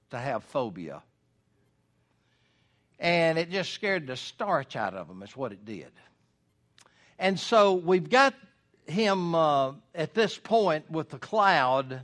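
An earnest preacher man with a somewhat high voice delivers a folksy sermon. He builds to loud, drawn-out emphasis on his key points. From United States. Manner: earnest, folksy, rising to loud emphasis when voicing God.

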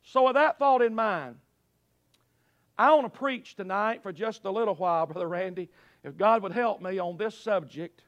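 A pastor preaching with a strikingly high voice for a man. His pitch leaps around with lively swings, and he drops from loud cries to hushed low phrases. The sound is close and dry. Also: normal speed, no room sound, lo-fi sound. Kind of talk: preaching a sermon. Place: church service.

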